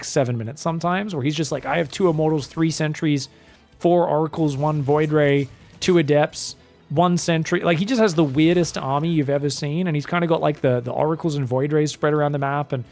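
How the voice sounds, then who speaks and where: Gravelly, high-voiced male game caster. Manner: chatty, joking, quick play-by-play. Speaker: esports caster. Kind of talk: live game commentary.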